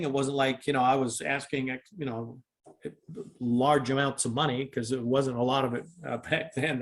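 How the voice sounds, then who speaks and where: An older man, a former football kicker, telling a long story in a casual interview, with many restarts and fillers. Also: medium pitch.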